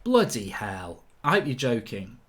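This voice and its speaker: A man's voice: medium pitch, huge pitch swings, unhurried, fairly bright tone. A man hosting a live match reaction stream, reading chat messages aloud and ranting with frequent swearing and sarcasm. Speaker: football fan livestream host.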